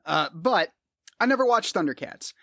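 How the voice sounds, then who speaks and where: A man's voice: high-pitched, lively intonation, moderate pace, sharp tone, dry recording, studio quality. A man in his thirties hosting a solo podcast, rambling off the top of his head with casual swearing. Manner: casual, profane, rambling off the cuff. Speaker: podcast host.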